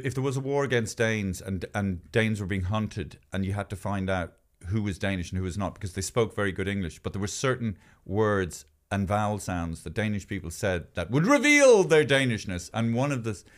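A man's voice: fairly low pitch, normal speed, hardly any pauses. A man hosting a podcast, rambling in casual chat with stammering restarts and playful impressions. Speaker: podcast host.

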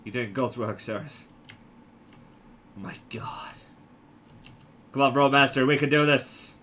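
A young man giving casual, jokey commentary over his gameplay, swinging from low mutters to sudden yelps. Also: slow, fairly bright tone, a little hiss or hum.

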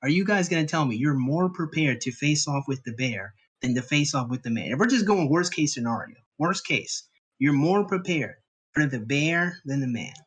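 A man's voice: a little high, animated, moderate pace, fairly bright tone, breathy edge, poor audio. A man arguing his point on an online panel, emphatic and prone to repeating himself. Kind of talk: heated online panel debate.

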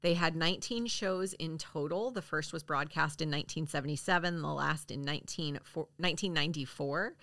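A woman's voice: low voice, fairly quick, few pauses, a bit bright, dry recording, clean studio sound. A woman co-hosting a podcast in casual chat, thoughtful, reading out facts and laughing easily. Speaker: podcast co-host.

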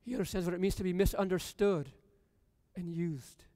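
A man's voice: sits high, normal speed, dark tone, dry recording, clean studio sound, big-room sound. A man preaching a sermon in a church, repeating lines with building emphasis. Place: church sanctuary.

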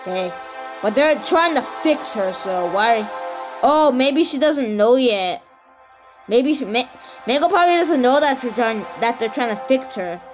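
A woman rambling excitedly through casual reaction commentary, talking straight to her viewers. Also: on the high side, measured pace. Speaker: reaction video host. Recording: music under the voice. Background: video music playing.

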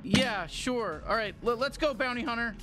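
A man's voice: very high-pitched, animated, moderate pace, over music. A man voicing a nervous, rambling talking alien gun in a video game, full of stammers.

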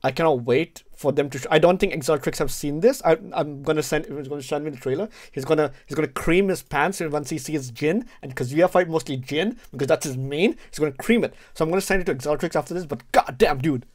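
A man's voice: fast talker, few pauses. Hyped young-sounding man reacting to a trailer. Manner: hyped, swearing, repeats words, pitch jumps when excited. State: hoarse. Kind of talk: excited casual reaction chat. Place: home room at his PC.

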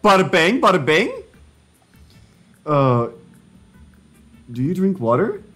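Animated young man streaming with jokey banter. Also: takes it slowly, soft background music. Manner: jokey, excitable, laughing self-commentary with sudden pitch jumps. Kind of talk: casual live-stream chat while doing language drills.

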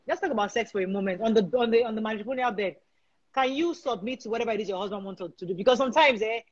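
A woman's voice: on the high side, rapid-fire, husky, muffled recording. A woman hosting an interview, listening closely with frequent murmurs of agreement and putting direct questions. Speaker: host.

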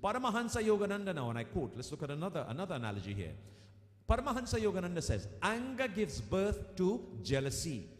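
Lively-voiced man giving a devotional talk. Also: sits high, quick pace. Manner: storytelling, repeats key lines for emphasis; addresses listeners as devotees. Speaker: spiritual speaker. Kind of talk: devotional discourse. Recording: echoey room with long reverb.

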